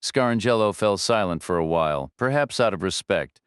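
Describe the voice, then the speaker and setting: A man narrating a thriller audiobook in first person, measured, low-key and dry. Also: animated, clear, resonant tone, no room sound.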